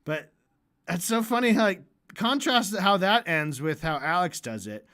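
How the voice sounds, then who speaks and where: A man ranting casually on a livestream, profane and sarcastic, rambling and breaking into shouted impressions. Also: high voice, lively intonation, unhurried. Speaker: streamer.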